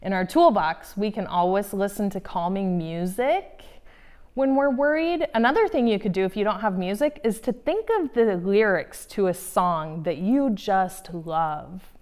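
A young woman teaching a children's lesson about feelings, talking gently and playfully and acting out each feeling for the kids. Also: mid-range voice.

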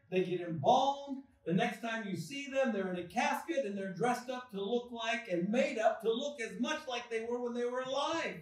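Slow, high-voiced preaching man in an echoey church. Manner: deliberate preaching with dramatic pauses and swells. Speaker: pastor. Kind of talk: sermon. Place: church sanctuary. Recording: echoey church hall from far off.

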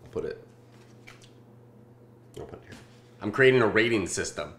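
Young man, food vlog host, lively swooping voice, deadpan profane jokes, echoey room. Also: lowish voice, moderate pace. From Southern California. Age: 20s. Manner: joking, profane, deadpan asides. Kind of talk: casual food-tasting vlog.

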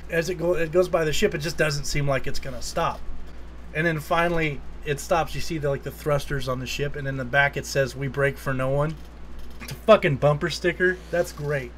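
A man with a slightly high voice co-hosts a casual movie podcast. He rambles through scenes with plenty of swearing and laughs as he retells them. Faint background noise sits under his voice. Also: a bit bright. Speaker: podcast co-host. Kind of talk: casual movie review chat.

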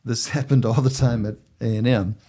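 A man with an ordinary mid-range voice talks in a calm, measured way. He pauses often and fills gaps with a soft "uh", like a churchman in easy conversation on a podcast. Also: mid-range voice, husky. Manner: measured, gentle, with frequent filler uh. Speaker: bishop and podcast host.

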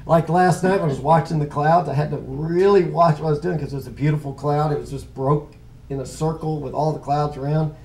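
A man's voice: fairly high pitch, steady tone, fairly quick, a little mellow, poor audio. A middle-aged man teaching a casual Bible lesson, rambling and conversational, often stopping to correct himself.

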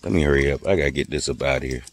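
A man's voice: rumbling low, very fast, slight background noise. A man talking casually while he cooks at a grill, teasing and joking in laid-back slang. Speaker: vlogger cooking at a grill.

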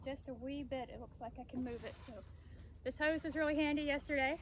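A woman's voice: sits high, a little fast, noisy background. A woman in a backyard garden, chatting to the camera as she explains each step of her work. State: out of breath at times. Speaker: gardening vlogger. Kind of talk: casual talk to camera while working.

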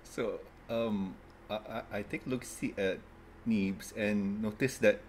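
A man's voice: on the low side, fairly even intonation, a little slow, a little mellow, a little hiss or hum. A man playing a character in a tabletop role-playing game who thinks aloud and asks playful questions. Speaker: player.

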